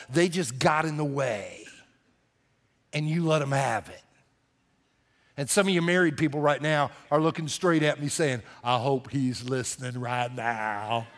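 A middle-aged man preaching a sermon, telling a story vividly and acting out the voices, sometimes dropping to a hush. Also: on the high side. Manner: animated storyteller, acts out quotes, drops to hushed tones. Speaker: pastor. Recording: live in a reverberant church hall.

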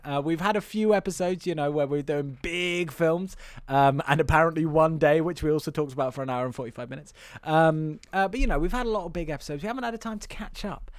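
A man hosting a podcast in casual chat, quick and teasing, laughing often. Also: fairly high pitch, smooth, no echo, studio quality. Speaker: podcast host.

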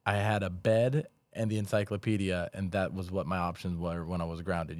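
Deep-voiced joking man, dry sound. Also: level tone, normal speed, darkish tone, no echo. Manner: joking, teasing banter. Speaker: podcast guest. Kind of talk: casual chat.

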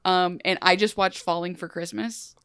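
A young woman co-hosting a podcast in a loose, animated, rambling way, often breaking into laughter. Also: fairly low pitch, normal speed, smooth, no echo, clean studio sound. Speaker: podcast co-host. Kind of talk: casual podcast chat.

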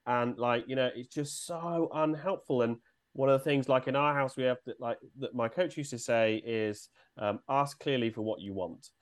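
A man's voice: mid-range voice, moderate pace. A man who is a business coach, a guest in a casual interview, explaining ideas in a reflective coaching tone.

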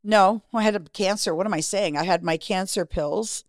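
A woman's voice: medium pitch, normal speed, no room sound, studio quality. A middle-aged woman, a podcast guest, candidly telling a personal story in a frank, profane way and acting out the lines of the people in it.

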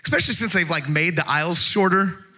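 A middle-aged male pastor delivers a conversational sermon, sliding from funny everyday stories into slow, emphatic readings of scripture. His voice sits a little high and sounds bright and forceful. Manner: conversational storytelling with humor; slows down to stress scripture.

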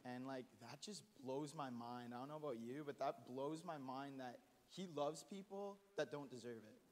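A man giving a halting, earnest testimony at a church gathering, with many restarts. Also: medium pitch, darkish tone. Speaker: church member sharing testimony. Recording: long hall reverb.

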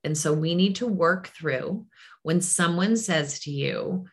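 A woman with a notably low voice talks about her clinical work. She speaks earnestly and emphatically and often acts out quoted phrases mid-sentence. The tone is relaxed conversation. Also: slow pace. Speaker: grief clinician and podcast host. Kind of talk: casual conversation.

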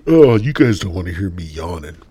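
A man's voice: sits low, very animated, a little fast, dark tone, breathy edge, dry recording. A man hosting a casual solo podcast, rambling and swearing while stoned and coughing between hits. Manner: rambling, profane, stoned storytelling. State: coughing after smoking. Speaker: podcast host.

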